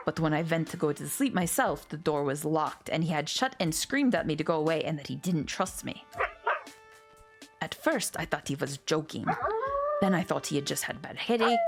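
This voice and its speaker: A woman voicing a fussy, dramatic dog housewife with a put-on German accent. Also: low voice.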